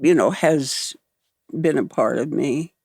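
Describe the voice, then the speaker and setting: A woman's voice: low voice, slow, gravelly, darkish tone, slightly rough, dry recording, clean studio sound. An older woman from the American Midwest with a slight Midwestern Southern accent, a guest chatting casually and unhurriedly, laughing easily. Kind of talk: casual chat.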